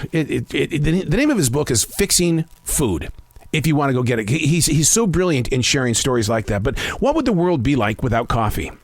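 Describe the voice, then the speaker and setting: Animated, stammering man in his fifties. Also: fairly high pitch, dry recording. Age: 50s. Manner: rambling, self-reflective, frequent stammered restarts. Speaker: podcast host. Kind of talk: casual solo podcast monologue.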